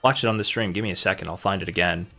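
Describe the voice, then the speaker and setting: A man streaming in casual chat, playful and animated. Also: low-pitched, rapid-fire, vocal fry, over music.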